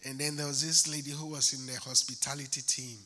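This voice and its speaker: A man's voice: little pitch movement, sharp tone. A male pastor preaching a sermon, emphatic and repetitive, building to a fervent rise. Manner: emphatic, repeats phrases, slows and rises to a fervent pitch.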